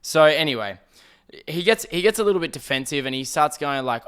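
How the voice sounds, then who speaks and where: A young man hosting a solo podcast, telling a story in an animated, profane, ranting way. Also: fairly high pitch, moderate pace, smooth. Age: young adult. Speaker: podcast host.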